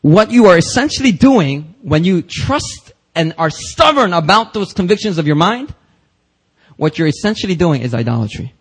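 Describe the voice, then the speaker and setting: A man's voice: high-pitched, sing-song, moderate pace, breathy edge, rough recording. A man preaching a church sermon, emphatic and casual, with slang and rising intensity on quoted passages. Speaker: pastor. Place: church service.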